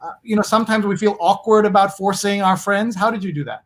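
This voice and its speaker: A man's voice: high voice, fast, fairly bright tone. A man hosting a casual interview over a video call, chatty and eager to promote his show. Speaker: host.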